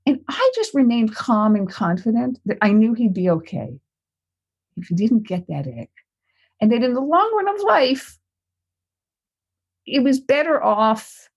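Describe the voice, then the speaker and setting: A woman's voice: on the high side, breathy edge. An older woman, a parenting expert, answering interview questions and telling a family story, acting out the voices she quotes.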